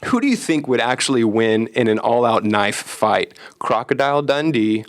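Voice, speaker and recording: A man's voice: mid-range voice, expressive, moderate pace, faint music behind. A man interviewing a pastor, upbeat, who stumbles through his questions and answers with frequent short affirmations. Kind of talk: casual interview.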